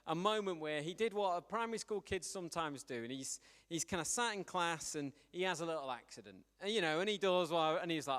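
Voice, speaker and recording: Male preacher, chatty storyteller, slightly high voice, long church echo. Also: brisk. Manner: conversational, animated storytelling. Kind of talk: sermon.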